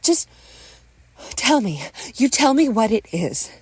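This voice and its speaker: A woman voicing a suspicious, hot-tempered young woman who shouts and snaps in a narrated audio story. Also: fairly high pitch, big pitch swings, slow, husky, dry recording, pitched above the performer's own voice, exaggerated voice. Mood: hostile. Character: fierce, suspicious young woman, quick to yell.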